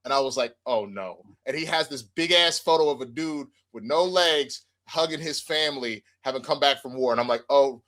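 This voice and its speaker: A man's voice: mid-range voice, normal speed, few pauses, fairly bright tone. A young adult man casually telling a funny story, acting out the other people's lines and swearing freely. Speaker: podcast co-host.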